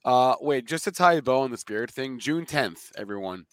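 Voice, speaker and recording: A man's voice: mid-range voice, expressive, brisk, fairly bright tone, clean tone, dry recording. A man of thirty-one co-hosting a casual stock market show, explaining news plainly. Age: 30s. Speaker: co-host.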